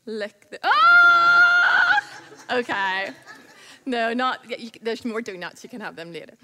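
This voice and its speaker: Lively woman leading a kids' talk in an echoey hall. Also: on the high side. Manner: laughing, teasing, animated. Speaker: children's church leader. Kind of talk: playful children's talk. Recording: echoey hall with long reverb.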